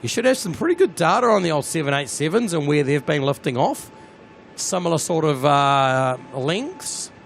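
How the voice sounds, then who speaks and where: A man with a New Zealand accent, hosting a live plane-spotting stream, chatty and excitable as he talks to his viewers outdoors at an airport. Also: a little high, moderate pace, gravelly, slight background noise.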